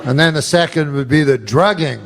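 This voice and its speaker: A male comedian telling a rambling, profane story in a deadpan way, with many fillers. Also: a little high, fairly quick, heavy background noise. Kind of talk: stand-up style storytelling.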